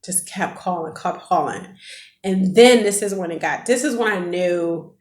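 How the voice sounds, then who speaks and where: A woman's voice: lowish voice, measured pace, darkish tone. A woman in her thirties telling a personal story in a chatty, emotional vlog, addressing her viewers directly. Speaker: vlogger. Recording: echoey room.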